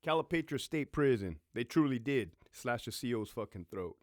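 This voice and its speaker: A man's voice: mid-range voice, lively intonation, moderate pace, dry recording, studio quality. A middle-aged man, a former prison sergeant and military veteran, giving blunt, profane advice in a storytelling monologue. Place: home.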